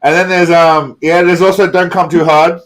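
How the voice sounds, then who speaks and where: A man's voice: on the high side, level tone, moderate pace, a bit bright. Tipsy male stream host, rambling and profane, repeats his words. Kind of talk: casual live stream chat.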